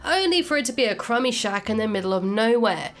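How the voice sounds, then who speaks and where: A woman host narrating a scripted video in a clear, measured way. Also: a little high, expressive, faint music behind. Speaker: channel host.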